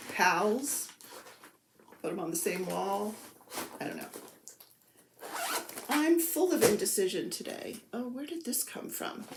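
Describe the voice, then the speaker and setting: A woman's voice: mid-range voice, echoey room, noisy background. A woman chatting casually about her cross-stitch projects, rambling and poking fun at herself. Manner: chatty, self-deprecating, rambling. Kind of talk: casual show-and-tell chat.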